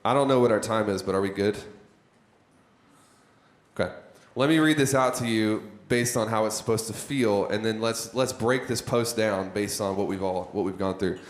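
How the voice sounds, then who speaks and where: A man's voice: lowish voice, fairly even intonation, normal speed. A man leading a live workshop on content creation for a room of listeners, talking conversationally and putting questions to the audience. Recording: echoey room.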